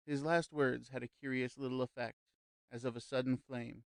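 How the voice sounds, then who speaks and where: A man narrating a classic novel as an audiobook in a measured, even storytelling manner. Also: medium pitch, creaky, clear, resonant tone, no room sound. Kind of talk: scripted narration.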